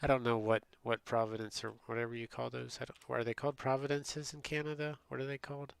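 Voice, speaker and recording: A man's voice: mid-range voice, flat delivery, fast talker, vocal fry, clear, resonant tone, no room sound. A man from the United States, a streamer rambling in casual chat and answering his viewers. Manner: rambling, chatty storytelling, reads and answers chat.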